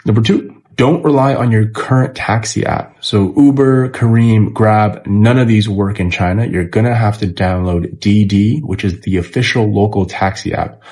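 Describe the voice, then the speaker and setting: A man delivering a polished, brisk travel tips video with numbered points. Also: on the low side, fairly even intonation, a little mellow.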